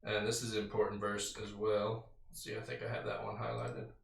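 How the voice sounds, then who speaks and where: A man's voice: fairly low pitch, level tone, brisk, gravelly, slight background noise. A man casually teaching a Bible study, reading scripture aloud and then explaining it in a conversational way with fillers. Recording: roomy sound from a distant mic.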